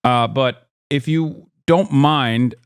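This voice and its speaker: A man's voice: medium pitch, slow, smooth, dry recording, clean studio sound. A man hosting a livestream, talking casually with many fillers and restarts as he interviews a guest over a call. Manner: talkative, frequent fillers and restarts. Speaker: streamer host.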